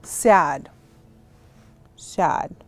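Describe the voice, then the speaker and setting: A woman teaching a virtual class as a sign language interpreter, slow and clear, going through letters one by one and explaining with friendly examples and asides. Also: low voice, faint music behind. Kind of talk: casual instructional talk. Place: home, on a video call. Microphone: video call.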